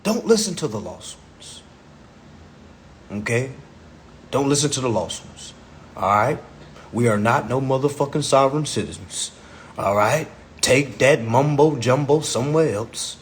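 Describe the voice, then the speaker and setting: A man's voice: medium pitch, lively intonation, a little slow, pauses often, a little hiss or hum. A man hosting a livestream on his phone, lecturing in a profane, mocking way and repeating himself. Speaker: livestream host. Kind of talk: casual livestream rant.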